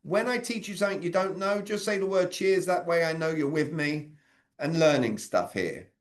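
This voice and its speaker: A man, leading an interactive sales communication training over a video call and quizzing his audience. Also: fairly high pitch. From Britain. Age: 40s. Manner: energetic, quizzes the audience with quick questions.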